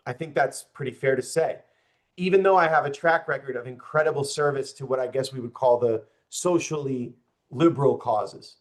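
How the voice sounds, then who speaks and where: A man's voice: mid-range voice, moderate pace. A young man, a political candidate, speaking passionately and with open frustration to a group, addressing the audience directly. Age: young adult. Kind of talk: campaign speech to a group.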